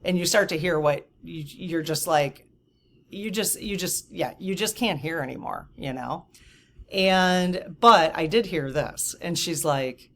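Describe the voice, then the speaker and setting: A woman in her fifties tells her story straight to the camera, her voice sitting low in pitch. She is chatty and indignant, full of "you know" and quick asides as she vents. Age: 50s. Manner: animated, indignant, lots of fillers and asides. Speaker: vlogger.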